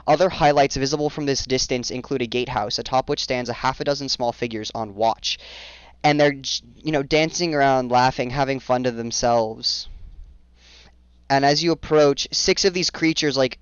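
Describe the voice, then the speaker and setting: A man's voice: medium pitch, steady tone, normal speed, smooth, no room sound. Guy running a tabletop game, rambly narration, kinda muffled dry audio. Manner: loose, filler-heavy storytelling. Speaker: game master.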